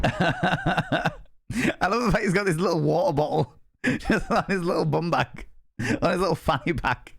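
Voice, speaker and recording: A man's voice: on the high side, normal speed, gravelly, no echo, clean studio sound. A man live-streaming in casual chat, laughing often and swearing freely.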